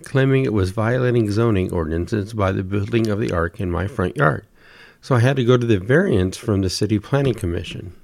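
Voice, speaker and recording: A man's voice: on the low side, vocal fry, a little mellow, no echo. A man voicing Noah in a told story, an exasperated old man who pleads and lists complaint after complaint. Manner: plaintive, listing complaints at length. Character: weary harried biblical Noah, old man.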